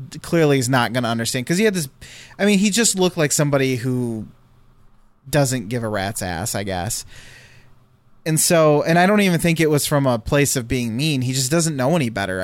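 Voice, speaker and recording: A man's voice: medium pitch, animated, normal speed, no echo. A man telling a long story in casual chat, rambling with fillers and restarts.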